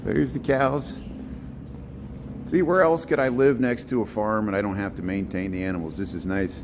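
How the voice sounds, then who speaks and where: A middle-aged man rambles cheerfully through a walking vlog, pointing things out as he goes. He is recorded outdoors on a phone, with faint street and traffic noise behind him. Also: moderate pace. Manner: chatty, rambling, talks to the animals in a high playful voice. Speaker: walking tour vlogger. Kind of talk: casual walking vlog narration. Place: outdoors at a city zoo farm in winter.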